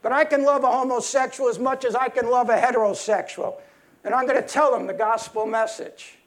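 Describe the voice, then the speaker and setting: A man's voice: very high-pitched, fairly even intonation, brisk. A man preaching a sermon in a heated, emphatic way, often restarting his sentences.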